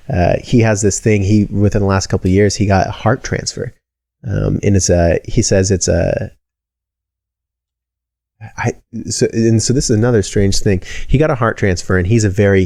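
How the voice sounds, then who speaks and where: Low dark-voiced man rambling as host. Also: gravelly, no echo, clean studio sound. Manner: rambling, profane, restarts a lot, acts out pep-talk voices. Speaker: podcast host. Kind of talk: casual podcast conversation.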